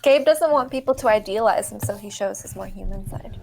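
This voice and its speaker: A woman's voice: mid-range voice, a little fast, gravelly, darkish tone, faint music behind. A woman co-hosting a game commentary, teasing the others in a dry way. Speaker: commentary co-host. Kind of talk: casual let's-play banter.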